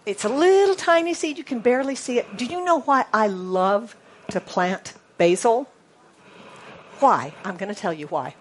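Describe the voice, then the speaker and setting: Woman preacher, American accent, slightly high voice, playful, spells words out and goes hushed for emphasis. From United States. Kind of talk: sermon.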